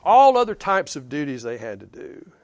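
A man's voice: fairly high pitch, sing-song, moderate pace, darkish tone, no echo. A man with a Southern US accent preaching a sermon in a conversational, emphatic way, chuckling between points. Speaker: pastor.

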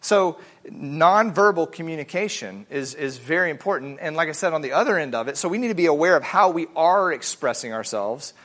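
A man teaching a family Bible study in a casual, animated way, acting out the voices he quotes. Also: a little high, a little fast.

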